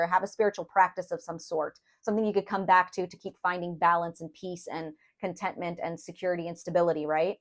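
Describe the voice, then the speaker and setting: A young woman giving a casual tarot reading to camera, chatty and loose, often calling viewers "you guys" and filling pauses with "um" and "like". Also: fairly low pitch, fairly even intonation. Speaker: tarot reader.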